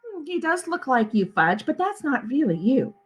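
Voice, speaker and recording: A woman reading as a gentle, doubtful mom. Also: high-pitched, big pitch swings, moderate pace, voice pushed up.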